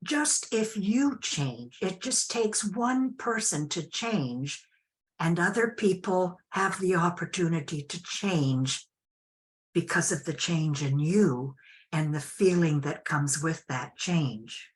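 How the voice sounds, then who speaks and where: An older woman telling a personal story as an interview guest, unhurried and reflective with frequent restarts. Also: on the low side, lively intonation.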